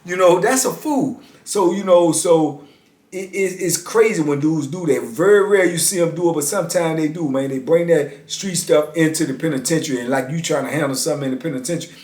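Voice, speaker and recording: A man in his fifties tells a story from his own life in an easy, conversational way, dropping "man" into nearly every sentence. His voice sits a little high for a man. The recording picks up a noticeable echo from the room. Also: fairly quick, a little mellow. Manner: laid-back, conversational, heavy use of "man". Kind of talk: casual spoken storytelling. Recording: roomy echo.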